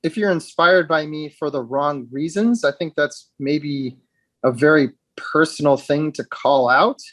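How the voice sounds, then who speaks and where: A man speaking as an interview guest, reflective and halting, with frequent restarts and fillers. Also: a little high, fairly bright tone, no room sound. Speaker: guest, actor with dwarfism.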